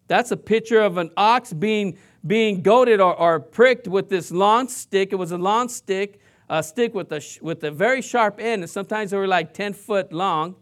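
A man preaches a sermon with a noticeably high voice. He talks to the congregation in a loose, conversational way and asks them questions. He also mimics sounds and voices to drive his points home. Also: fairly bright tone. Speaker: pastor.

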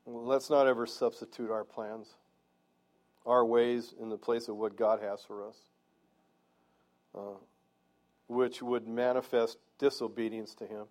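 A man's voice: medium pitch, level tone, a little slow, long pauses, a little mellow. A male pastor preaching in church, earnest and conversational, asking the congregation questions as he goes. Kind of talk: sermon.

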